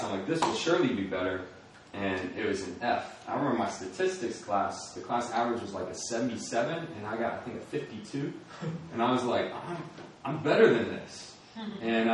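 A man's voice: mid-range voice, slight background noise. Young guy telling a story, acts out the scenes, laughing a lot, big echo like he's away from the mic. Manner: animated storyteller, acting out scenes, laughing often. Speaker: speaker telling a personal story. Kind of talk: personal testimony. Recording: echoey room from far off.

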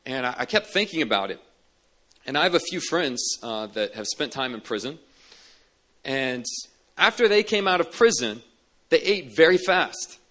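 A man's voice: mid-range voice, sing-song, normal speed, pauses often, a bit bright. A man preaching a sermon as a pastor, telling stories earnestly and repeating key words for emphasis. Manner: earnest storytelling with emphatic repetition.

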